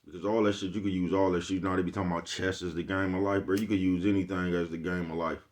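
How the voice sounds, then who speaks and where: A man with a very low, deep voice talks straight to his viewers in a loose, rambling monologue. He leans on street slang and swearing, and keeps checking in with his listeners as he drifts from one life lesson to the next. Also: little pitch movement, fast. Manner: rambling, profane, streetwise slang, keeps asking "you know what I'm talking about". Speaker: vlogger host. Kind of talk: casual motivational monologue.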